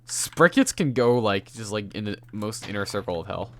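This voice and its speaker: A man's voice: on the low side, big pitch swings, moderate pace. A man streaming a game, chatting casually and teasing his friend, swearing and laughing often. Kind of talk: casual chat on a gaming stream.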